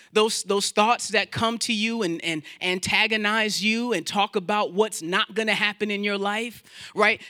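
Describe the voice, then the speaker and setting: A male pastor preaching a sermon to his congregation in church, animated, quoting scripture, acting out inner doubts and repeating words as he builds his points. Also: high-pitched, no echo, clean studio sound. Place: church sanctuary.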